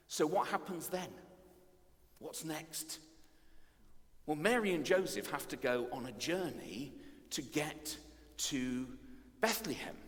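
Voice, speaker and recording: A man preaching at a playful family service, animated and self-mocking as he tells the story. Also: a little high. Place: church. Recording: long reverb of a church hall.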